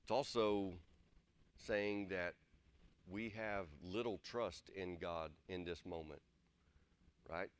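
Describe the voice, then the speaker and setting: Speaking slowly with frequent pauses, a preacher delivers a conversational sermon, earnest and plain, repeating his points to make them land. His voice sits low and sounds smooth.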